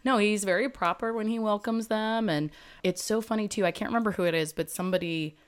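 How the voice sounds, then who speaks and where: A woman co-hosting a casual film podcast, talking with enthusiasm and acting out characters' lines in quick snippets. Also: mid-range voice, clear, resonant tone. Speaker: podcast co-host.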